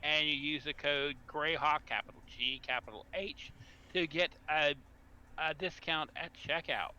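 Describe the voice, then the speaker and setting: Bright-voiced man hosting as game master. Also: on the high side, measured pace, slight background noise. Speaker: dungeon master. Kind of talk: casual live-stream game hosting.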